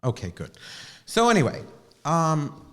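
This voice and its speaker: A man's voice: fairly high pitch, huge pitch swings, unhurried. A man hosting a live video stream, talking casually in a rambling, profane and sardonic way. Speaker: livestream host.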